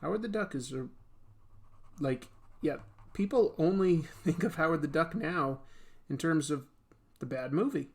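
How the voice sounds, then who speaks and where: A man's voice: a little high, animated, measured pace, long pauses. A man hosting a casual art livestream, chatting in a rambling, joking way while he draws. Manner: rambling, joking, lots of fillers. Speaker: comics artist and livestream host.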